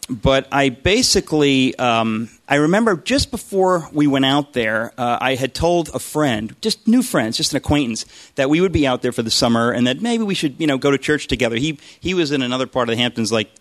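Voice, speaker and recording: A man's voice: mid-range voice, expressive, brisk. A man casually telling a personal faith story, rambling and self-deprecating, with frequent restarts and asides.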